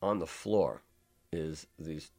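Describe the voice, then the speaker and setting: A man, a musician, telling a rambling studio anecdote in a relaxed, laid-back way, with many "uh"s and "man"s. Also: rumbling low, slow pace, vocal fry, husky.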